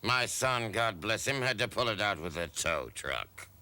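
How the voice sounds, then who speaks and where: A man delivering a deadpan comic monologue. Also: fairly low pitch, measured pace, slight background noise. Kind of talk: stand-up style comic monologue.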